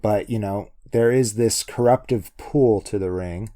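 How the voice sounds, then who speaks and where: A man's voice: lowish voice, a little slow, dark tone. A man co-hosting a podcast, chatting casually about a film with rambling, hesitant speech and lots of fillers. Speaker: podcast co-host. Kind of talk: casual movie review chat.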